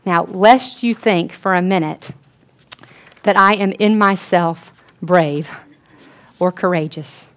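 A woman giving an earnest sermon-style testimony, telling a story and dropping to a hush for quoted lines. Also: lowish voice, slow, pauses often. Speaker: speaker at a Christian gathering.

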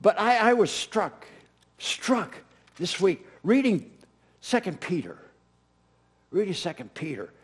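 In a high, breathy voice, a middle-aged pastor preaches slowly and pauses often, yet stays animated and emphatic, repeating his key phrases.

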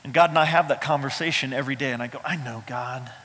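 A man's voice: medium pitch, racing, a bit bright. A middle-aged man, a pastor, preaching a sermon in an emphatic, conversational way with touches of humor, in a church. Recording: reverberant hall sound.

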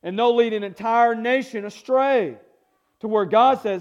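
A man's voice: extremely high pitch, a little slow, highs cut off. A male pastor preaching a sermon, emphatic and repetitive, calling for responses from the congregation.

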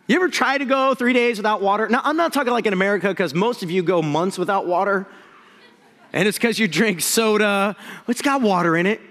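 A man preaching a sermon, energetic and jokey, swinging from loud excitement to hushed lines. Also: high-pitched, quick pace, big-room sound. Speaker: pastor.

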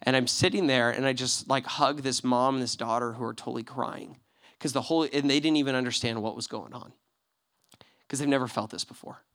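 A male pastor preaching, telling a personal story with lively acted-out dialogue that swings between loud excitement and hushed moments. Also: mid-range voice, fairly quick. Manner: animated storyteller acting out quoted voices, swinging from loud to hushed. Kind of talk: sermon storytelling.

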